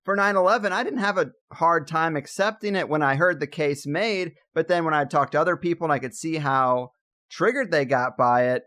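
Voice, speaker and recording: A man hosting a podcast, talking in a relaxed way and thinking aloud, with lots of "like"s. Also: on the high side, a little fast. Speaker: podcast host. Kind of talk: casual conversational interview.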